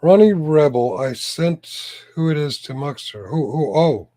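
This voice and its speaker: A man's voice: a little high, expressive, measured pace, dark tone, no echo. A man hosting a casual live-stream chat, joking and chuckling, with a voice he says is going. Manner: joking, chuckling, throat-clearing. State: losing his voice. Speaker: host of a live chat show.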